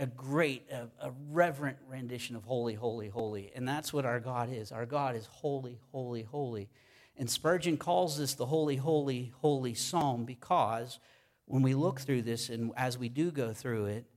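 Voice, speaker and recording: A man preaching a sermon to his congregation in a casual, enthusiastic way, with many fillers and restarts. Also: medium pitch. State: sweaty. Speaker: pastor.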